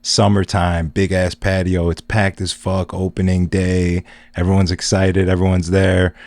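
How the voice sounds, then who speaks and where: Podcast host, male, very low voice, laid-back and swearing, dry room. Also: completely flat delivery, a little slow, darkish tone, dry recording. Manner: laid-back, profane storytelling. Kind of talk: casual chat.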